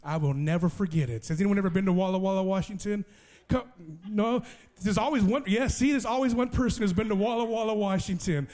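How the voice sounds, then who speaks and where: A young man preaching a sermon, telling a story with lively acted-out dialogue and playful asides to the crowd. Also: high-pitched, fairly quick. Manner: animated, acts out dialogue, playful asides to audience.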